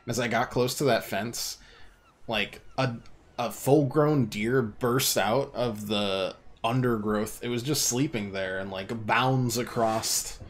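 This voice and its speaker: A man's voice: medium pitch, slow. A man streaming a video game, chatting casually in a rambling, self-deprecating way and laughing often. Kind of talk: casual let's play chat.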